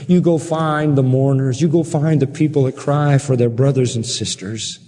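A man's voice: mid-range voice, steady tone, normal speed, mellow. A man preaching a sermon with passion, pressing his listeners with rhetorical questions and closing in prayer. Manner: impassioned, full of rhetorical questions. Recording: long hall reverb.

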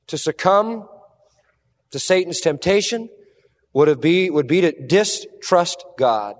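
A man preaching a sermon, earnest and emphatic, dropping low and quiet to stress a point. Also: lively intonation, takes it slowly, big-room sound.

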